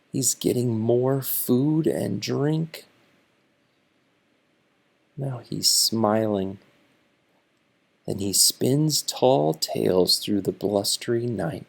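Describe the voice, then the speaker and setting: Slow, gravelly man reading to children. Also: mid-range voice. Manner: slow, deliberate, explaining each page. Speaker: teacher reading aloud. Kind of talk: shared reading of a picture book for children.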